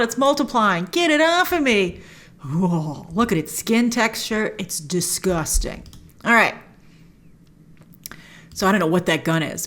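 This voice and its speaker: A woman hosting a film trailer reaction, chatting in a casual, opinionated way with quick asides and quoted voices. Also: mid-range voice, a bit bright.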